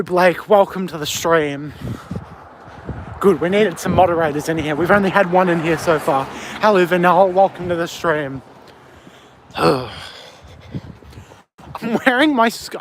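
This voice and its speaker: There's a little hiss or hum as this high-voiced Australian man livestreams on a windy street at night. Walking along, he chats with viewers, reading their comments aloud and answering them on his phone mic.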